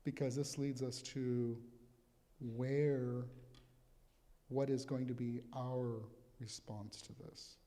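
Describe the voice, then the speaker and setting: A male pastor gives a conversational, reflective sermon at a live church service. His voice is mellow and relaxed. A long reverb trails each phrase through the sanctuary. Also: medium pitch, takes it slowly. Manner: conversational, reflective, reads scripture aloud.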